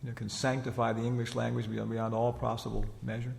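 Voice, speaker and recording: A man with a deeply gravelly, creaky voice gives an informal spiritual lecture. He talks in a loose, rambling way, filled with casual fillers. The sound carries a long reverberant tail, as in a lecture hall. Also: level tone, quick pace, a little mellow. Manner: chatty and rambling, many "you know" fillers, laughs while retelling. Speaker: spiritual teacher giving a lecture. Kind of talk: informal religious lecture, storytelling.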